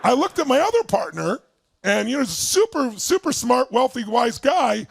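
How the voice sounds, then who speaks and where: A man with a raspy, gravelly voice telling a story to a live audience as a motivational speaker. He is emphatic and acts out quoted lines. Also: sing-song, moderate pace, slight background noise. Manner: emphatic, acts out quotes with big swings in pitch.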